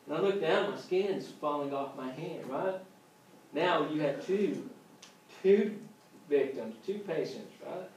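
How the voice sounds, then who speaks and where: A man's voice: a little high, moderate pace, echoey room, slight background noise, rough recording. A man teaching an EMT class in a casual lecture style, joking and acting out scenes as he goes. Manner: joking, acts out scenes with voices. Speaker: EMT instructor.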